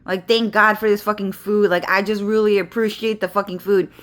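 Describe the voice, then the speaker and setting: A woman's voice: mid-range voice, level tone, brisk, fairly bright tone. A woman vlogging from home, ranting to camera in a rambling, agitated way with constant swearing and repetition.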